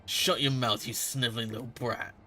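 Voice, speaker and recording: A man reading as a gruff desert bandit. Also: medium pitch, fairly even intonation, normal speed, pushed and bright. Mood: menacing. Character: rough grumbling male desert bandit.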